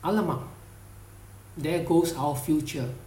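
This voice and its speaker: A man voicing a steady young male student leader in a read-aloud story. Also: fairly high pitch, slow, roomy sound, rough recording. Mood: calm. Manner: steady, reassuring.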